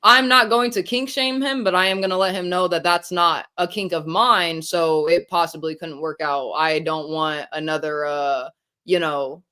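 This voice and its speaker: A woman hosts a casual livestream conversation and speaks her mind bluntly. Her voice is bright and crisp, smooth and clear. She keeps the chat loose and candid. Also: on the low side, fairly even intonation, moderate pace.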